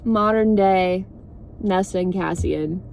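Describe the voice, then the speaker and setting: A woman's voice: medium pitch, slow, creaky, a little mellow, a little hiss or hum. A woman vlogger rambling through a sarcastic, swear-filled casual movie recap.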